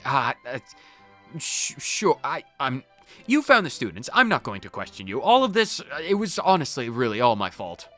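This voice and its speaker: A man's voice: mid-range voice, huge pitch swings, moderate pace, pushed and bright, soft background music. A man, a gaming channel host, reading game dialogue aloud in a playful, theatrical way with stumbles and asides.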